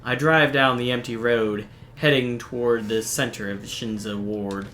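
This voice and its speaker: A man streaming a game, reading its visual novel text aloud in a steady, even narration broken by quick, dry asides. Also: mid-range voice, a little hiss or hum. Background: faint game music.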